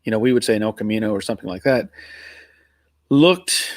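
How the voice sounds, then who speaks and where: A man's voice: on the low side, brisk, dry recording. A middle-aged man from Pennsylvania with an American accent somewhere between Northern and Southern US, hosting a live stream in casual, rambling chat and reading out viewer comments. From Pennsylvania, USA. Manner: rambling, easygoing, chuckling.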